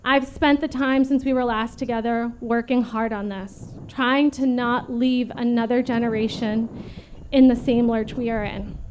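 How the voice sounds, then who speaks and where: A woman in her late thirties giving an earnest prepared memorial speech at a vigil, steady and read from a script. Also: fairly high pitch, unhurried, slight background noise. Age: late 30s. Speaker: vigil speaker.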